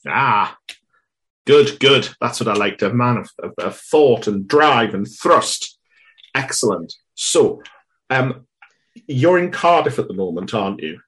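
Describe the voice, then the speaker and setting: A man's voice: mid-range voice, expressive, unhurried, fairly bright tone. A man playing a fussy Cambridge professor on a phone call, rambling and hesitant with a pompous edge.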